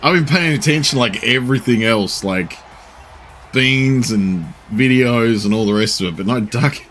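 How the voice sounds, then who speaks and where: A man, chatting casually and rambling while streaming, swearing now and then and filling pauses with um and uh. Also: medium pitch, fairly bright tone, soft background music. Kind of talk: casual live-stream chat.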